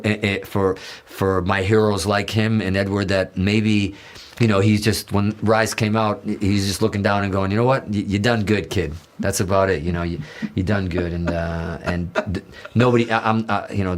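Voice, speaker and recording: Low-voiced man telling a profane story. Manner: animated, profane, restarts often, acts out quoted dialogue. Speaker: guitarist and interview guest. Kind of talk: storytelling in a casual interview.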